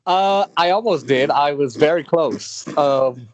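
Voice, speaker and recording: A man's voice: a little high, unhurried, darkish tone, dry recording, highs cut off. A man appearing as a guest co-host on a casual podcast, giggly and easily amused. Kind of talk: casual podcast chat over a video call.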